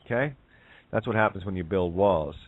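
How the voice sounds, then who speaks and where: A man's voice: sits low, normal speed, slightly rough, dry recording. A man giving a casual spiritual talk on a call-in show, rambling with many fillers and checking in with "right?". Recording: tinny phone line, dry.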